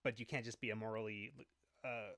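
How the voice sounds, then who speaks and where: A man co-hosting a casual book club chat, talking in a relaxed, musing way. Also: fairly low pitch, fairly quick, no room sound, clean studio sound. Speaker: podcast co-host.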